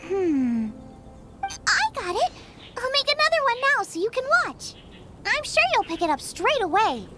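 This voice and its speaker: A woman voicing a cheerful young female chef in a video game, bubbly and eager, rambling excitedly about ingredients and recipes. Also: very high-pitched, a little slow, full character voice. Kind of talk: game cutscene voice acting. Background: background music.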